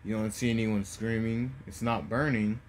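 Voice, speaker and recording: A man voicing an arrogant, menacing young male ninja in a casually told fan story, with slow, taunting, drawn-out threats. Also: fairly low pitch, steady tone, slight background noise, lightly acted.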